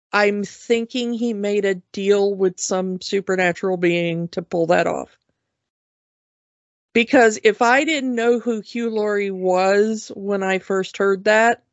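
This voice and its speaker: A woman's voice: mid-range voice, no room sound. A woman co-hosting a podcast, chatting casually and telling a story with frequent restarts. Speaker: podcast co-host. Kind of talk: casual chat. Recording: dull lo-fi sound.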